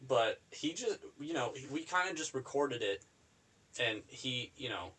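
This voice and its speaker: A young man chatting casually on a podcast, rambling through a story with lots of "um"s and easy laughter. His voice sits in an ordinary middle pitch. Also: expressive, measured pace, bright, forceful tone, slightly rough, poor audio. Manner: rambling, laughs often, trails off with fillers. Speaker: podcast co-host. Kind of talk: casual chat.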